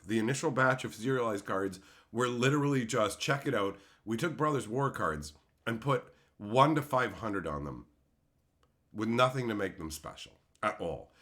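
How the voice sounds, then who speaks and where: A man hosting a casual livestream, chatting with viewers in a blunt, animated way, swearing freely and breaking into loud outbursts. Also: lowish voice. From Canada. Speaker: streamer host.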